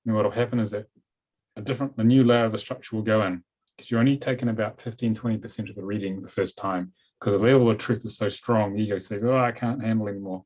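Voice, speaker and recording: A man with a New Zealand accent hosting a webinar over a video call, chatty and relaxed. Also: fairly low pitch, fast talker, husky. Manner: relaxed, chatty, says "okay" a lot. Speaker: webinar host. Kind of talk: casual webinar talk. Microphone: computer mic on a video call. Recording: dull lo-fi video call audio.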